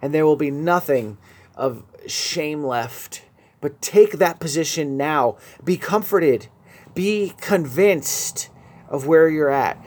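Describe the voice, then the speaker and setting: A man's voice: on the high side, slow, a little mellow. A man preaching a radio sermon, earnest and building to emphatic peaks.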